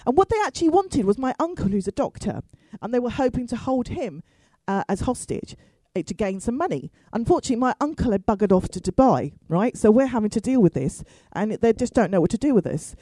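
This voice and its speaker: A woman's voice: fairly high pitch, big pitch swings, brisk, hardly any pauses, mellow, no room sound, low-quality recording. A woman stand-up comedian telling a story with wry asides and free swearing. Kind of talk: comic storytelling.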